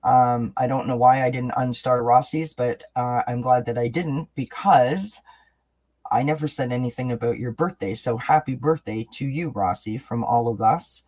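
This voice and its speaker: A man hosting a live oracle card reading and answering viewers in chat. He talks in a gentle, reassuring way, often checking in with "right?" and "you know.". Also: medium pitch, normal speed. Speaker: oracle card reader and host.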